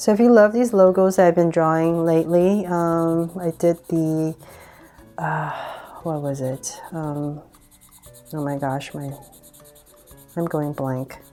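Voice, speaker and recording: Lady talking thru a drawing tutorial, slow and easy, giggly, lots of ums, faint music behind. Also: deep voice, steady tone, dark tone. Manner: chatty, giggly, self-deprecating, many ums. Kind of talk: casual drawing tutorial narration.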